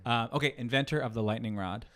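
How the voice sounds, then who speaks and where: A man's voice: mid-range voice, fairly bright tone, smooth. Teasing man hosting a casual quiz. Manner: teasing, quick jokes. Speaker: host running a quiz. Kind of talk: casual podcast chat.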